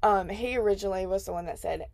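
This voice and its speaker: Woman in her 20s, podcast host, loose chatty delivery full of fillers, gravelly fry, dry room. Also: mid-range voice, fast, darkish tone, no echo. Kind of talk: casual chat.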